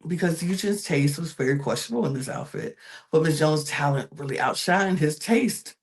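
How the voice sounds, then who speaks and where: Chatty reality tv recap host, gravelly fry, rambly and gossipy, talks right to the audience. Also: mid-range voice, lively intonation, normal speed. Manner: chatty, gossipy, trails off into fillers; addresses viewers directly. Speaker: podcast co-host.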